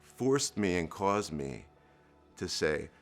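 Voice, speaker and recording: A man's voice: deep voice, very animated, slow. A middle-aged man from New Jersey telling his life story in an earnest interview, with fillers and restarts. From New Jersey, USA. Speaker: entrepreneur guest.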